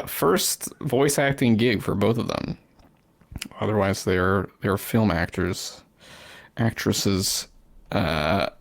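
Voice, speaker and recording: Slow, gravelly-voiced man chatting casually. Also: fairly low pitch. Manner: rambling, laughs often, swears casually. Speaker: podcast host. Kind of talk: casual chat.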